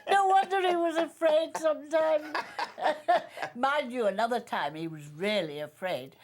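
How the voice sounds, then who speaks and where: An older woman from Northern England, an actress, telling stories from her career in an animated conversation and laughing often. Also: sits high, unhurried, a little hiss or hum. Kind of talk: reminiscing conversation.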